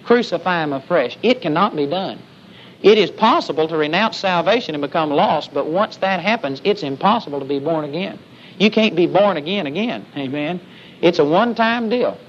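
A man's voice: fairly high pitch, animated, normal speed. A man preaching a sermon with emphasis, often calling out "amen?" to the congregation. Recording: dull lo-fi sermon recording with faint hiss.

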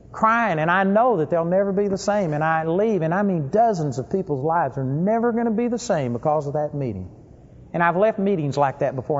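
A man preaching a sermon, emphatic, swinging between loud stressed phrases and low asides. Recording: lo-fi recording with long hall reverb.

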